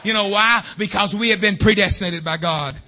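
A man preaching a fervent revival sermon in a church, swinging between shouting and hushed tones. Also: high voice, a little fast. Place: church sanctuary.

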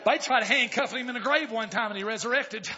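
A man preaching a sermon, swinging from calm, folksy talk to hollered exclamations. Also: very high voice, quick pace, background noise. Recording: dull lo-fi church recording with faint congregation.

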